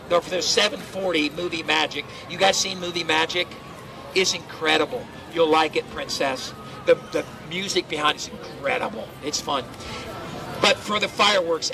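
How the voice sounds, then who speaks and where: Brief: middle-aged man, high-ish voice, loud and joking pre-show crowd warm-up, outdoors, handheld amplifier. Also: low-quality recording. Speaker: theme park crowd-control cast member. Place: outdoors at a theme park show area.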